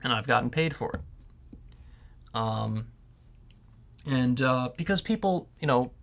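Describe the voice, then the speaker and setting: A man's voice: mid-range voice, animated, measured pace, creaky, a bit bright. A man who is a voiceover artist, talking casually in a rambling way, his voice strained and worn out. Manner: rambling, with many fillers and restarts. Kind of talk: casual vlog talk.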